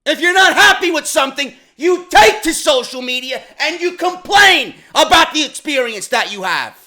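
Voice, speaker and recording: A vlog host delivers a profane rant. His voice sits very high and sounds bright and edgy. He swings from shouted outbursts down to low, grumbling asides. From New York. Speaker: YouTube show host. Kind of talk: ranting commentary vlog.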